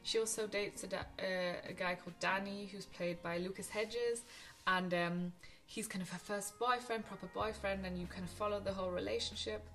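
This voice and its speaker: A young woman chats about films she loved, gushing and full of little ums and restarts. Her voice is bright and clear, with a touch of soft music underneath. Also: mid-range voice, steady tone, normal speed. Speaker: film vlogger. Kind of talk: casual film recommendations to camera.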